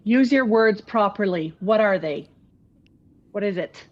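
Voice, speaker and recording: A woman's voice: medium pitch, animated, unhurried, dull audio. A woman voicing a proud, threatening clawed creature in a tabletop game, speaking mockingly. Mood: menacing. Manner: taunting and mocking.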